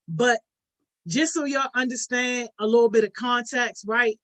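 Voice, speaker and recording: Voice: mid-range voice, animated, unhurried, a bit bright. A youth program host on a casual livestream, greeting viewers by name one after another in slangy talk that ends nearly every phrase with "yo". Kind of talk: casual livestream chat with participants.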